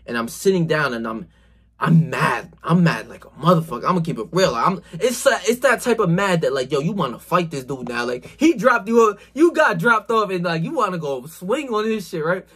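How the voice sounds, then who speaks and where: A man vlogging, telling a casual, animated story full of slang and swearing. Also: sits high, normal speed, breathy edge.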